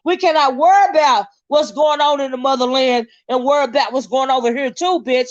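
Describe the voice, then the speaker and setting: A high-pitched American woman speaks fairly quickly over lo-fi sound, hosting her own channel and tearing into someone with an angry monologue packed with profanity, confrontation, and repeated insults.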